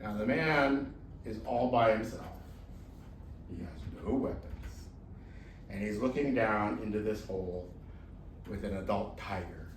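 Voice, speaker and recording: A man telling a folk tale to an audience in a lively, expressive way, with slow, dramatic pauses. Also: mid-range voice, slight background noise. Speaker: volunteer storyteller. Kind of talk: animated storytelling to an audience. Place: luncheon hall. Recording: roomy distant room mic, faint ambience.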